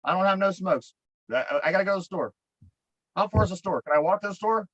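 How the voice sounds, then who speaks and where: Brief: Pittsburgh guy, fairly high voice, swearing and exasperated, on a dry, dull lo-fi mic. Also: fast talker, fairly bright tone, dry recording. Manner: profane, exasperated, rambling with restarts. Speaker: podcast co-host. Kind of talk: casual storytelling.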